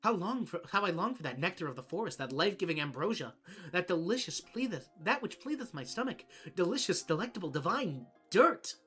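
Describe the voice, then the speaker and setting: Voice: medium pitch, sing-song, fairly quick, fairly bright tone, breathy edge, voice pushed up. Starving forest creature, theatrical wailing, lisp, voiced by a streamer, faint music behind. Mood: dramatic. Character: starving, melodramatic dirt-loving forest creature.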